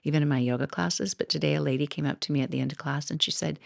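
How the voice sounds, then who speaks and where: A woman's voice: low voice, steady tone, racing, creaky, few pauses, dry recording, clean studio sound. A middle-aged woman hosting her own podcast, telling personal stories in a rambling, casual way with frequent laughs and asides. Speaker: podcast host. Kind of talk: casual solo podcast talk.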